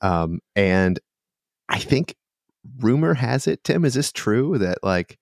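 A man's voice: mid-range voice, very animated, slow, creaky, no echo, studio quality. A man hosting a podcast, chatting casually and animatedly with lots of restarts and laughter. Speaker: podcast host and dungeon master. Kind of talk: casual chat.

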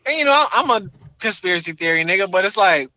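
High-pitched young man, slangy and animated. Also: quick pace, no room sound, muffled recording. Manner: animated, slangy, repeats filler words. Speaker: podcast co-host. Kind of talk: casual podcast chat.

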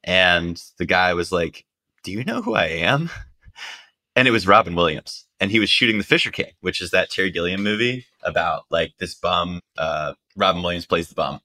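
A man tells a story in casual conversation, his voice very low yet bright and forceful. He is animated, jumping into high voices for the people he quotes. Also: fairly quick, hardly any pauses. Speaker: reporter telling a story.

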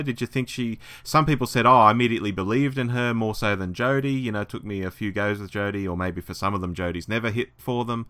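A man's voice: fairly low pitch, brisk, fairly bright tone. A man hosting a casual podcast, reading listener messages with enthusiasm. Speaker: podcast host. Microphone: remote call line.

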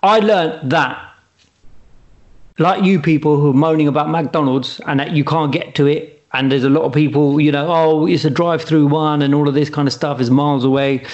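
A man's voice: fairly high pitch, steady tone, moderate pace, a little mellow, muffled recording. A man co-hosting a casual chat show, telling a story with enthusiasm. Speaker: co-host.

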